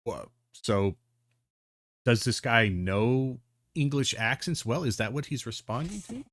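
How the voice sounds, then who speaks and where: A man's voice: medium pitch, expressive, a little slow, fairly bright tone, no room sound, clean studio sound. A man giving casual, rambling video commentary, full of ums, restarts and the odd swear word.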